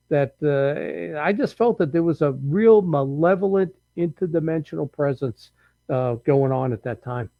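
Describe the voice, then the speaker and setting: A man's voice: fairly high pitch, no echo, dull audio. A man who researches the paranormal, a guest in an interview, telling long rambling anecdotes full of restarts. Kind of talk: casual interview storytelling.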